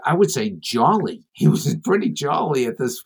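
Husky-voiced man telling a comic story. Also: medium pitch, normal speed. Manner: animated, acts out voices in anecdotes. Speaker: comedian guest. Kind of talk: storytelling interview chat.

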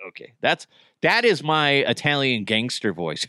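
A man's voice: on the high side, sing-song, a little slow, pushed and bright, no room sound, clean studio sound. A man hosting a podcast in a casual, rambling monologue, joking and swearing as he talks. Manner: rambling, jokey, profane. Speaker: podcast host.

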